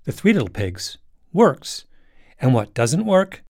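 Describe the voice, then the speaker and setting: Guy hosting a podcast, wry and punchy, really animated delivery. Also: medium pitch, takes it slowly, no room sound, clean studio sound. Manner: wry, emphatic, conversational. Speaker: podcast host. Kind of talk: scripted narration.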